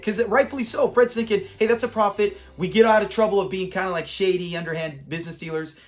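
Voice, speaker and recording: A man's voice: high voice, fast, hardly any pauses, soft background music. A man hosting a casual episode review, animatedly retelling scenes, acting out quotes and laughing often. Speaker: show review channel host.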